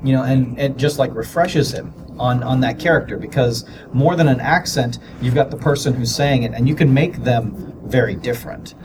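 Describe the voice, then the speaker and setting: A man podcaster chatting casually and thoughtfully, with frequent pauses and fillers. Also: medium pitch. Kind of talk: casual chat. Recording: distant mic, noisy room.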